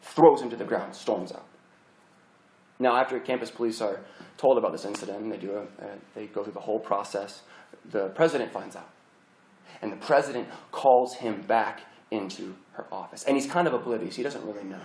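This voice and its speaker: A young adult man preaching a storytelling sermon in an animated, chatty way, full of restarts. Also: on the low side, normal speed, long pauses. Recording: roomy hall echo.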